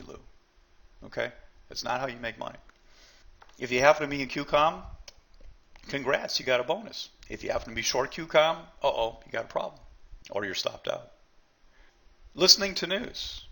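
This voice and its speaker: A man's voice: mid-range voice, gravelly, sharp tone. A man teaching a live trading seminar, blunt and emphatic, often repeating himself and talking straight to the group.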